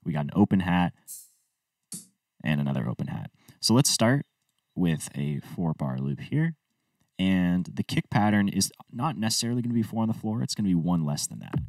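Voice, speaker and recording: Male producer host, deep voice, dry and a bit off-mic, easygoing step-by-step tutorial delivery. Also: lively intonation, normal speed, darkish tone, no room sound, recorded from a distance, faint music behind. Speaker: music producer teaching a tutorial. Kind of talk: screen-recorded tutorial walkthrough.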